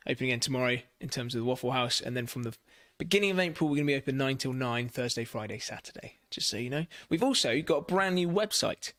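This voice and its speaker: A man's voice: medium pitch, lively intonation, fast, hardly any pauses, a bit bright. A man making easygoing café announcements, with many fillers. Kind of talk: casual announcements.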